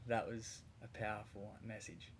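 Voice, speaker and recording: A man's voice: lowish voice, little pitch movement, normal speed, slight background noise. A man, a podcast guest, telling a vivid story in casual conversation, rambling a little with restarts.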